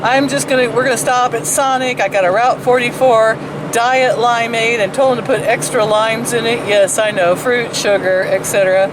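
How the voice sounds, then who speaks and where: A woman's voice: a little high, steady tone, normal speed. An older woman hosting her own vlog in chatty, self-mocking talk, laughing often. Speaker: vlog host. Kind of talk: casual vlog chat. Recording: distant voice with background noise.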